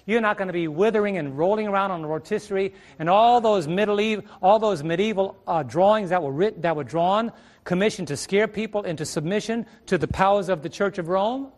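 A man's voice: high-pitched, fairly quick. A middle-aged male preacher teaching a Bible study sermon on a ministry stage, asking rhetorical questions and repeating his phrases.

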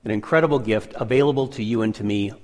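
A man co-presenting a Bible lesson, affirming his partner and reading scripture deliberately. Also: on the low side, in a large hall. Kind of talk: sermon-style Bible study.

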